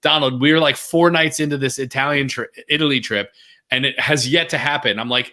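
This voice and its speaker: A man's voice: mid-range voice, a little fast. A middle-aged man, a podcast guest, telling a story casually and acting out the people he quotes in playful voices. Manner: animated, acts out quotes in funny voices.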